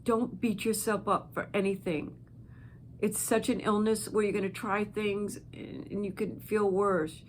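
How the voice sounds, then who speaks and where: Woman host, unhurried and heartfelt direct-to-camera encouragement, faint background hiss. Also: medium pitch, level tone. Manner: slow, gentle and heartfelt, with pauses. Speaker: channel host.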